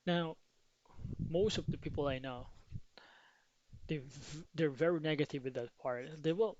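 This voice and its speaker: A man's voice: a little high, moderate pace, long pauses, darkish tone, no echo. A man giving a casual sales tutorial, talking energetically and acting out phone call lines with changing intonation. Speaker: sales coach.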